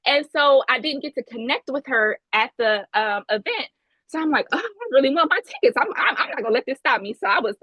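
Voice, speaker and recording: Ohio woman, guest speaker, heartfelt testimony, raised pitch, dry video-call sound. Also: sharp tone, dry recording, poor audio. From Ohio, USA. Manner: earnest, emphatic storytelling with many restarts. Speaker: guest speaker at an online women's event. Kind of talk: personal testimony talk.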